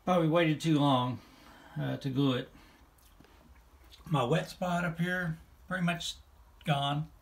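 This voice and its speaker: A model railroad hobbyist with a slightly high, steady voice speaks slowly, leaving long pauses, as he casually narrates a hobby build at his kitchen table. He thinks aloud with lots of filler words, and the phone camera, sometimes on a tripod, gives roomy, distant audio with clear noise.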